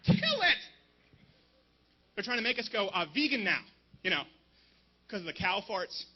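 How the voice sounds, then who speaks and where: A male stand-up comedian with a high, lively voice that swings widely in pitch. He fires off punchy jokes and mocking asides to a live crowd. The live recording sounds dull and lo-fi. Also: slightly rough. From Canada. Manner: quick punchy delivery, mocking impressions. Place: outdoor rally stage.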